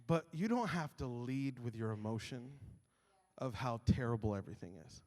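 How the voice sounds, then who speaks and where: A man's voice: mid-range voice, animated, moderate pace, a little mellow, long reverb tail. A male pastor preaching a sermon, telling stories animatedly and acting out his own grumbling.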